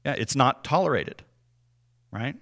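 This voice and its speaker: A man giving a conversational Bible teaching, explaining things earnestly and often checking in with a quick "right?". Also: medium pitch, expressive, gravelly, fairly bright tone.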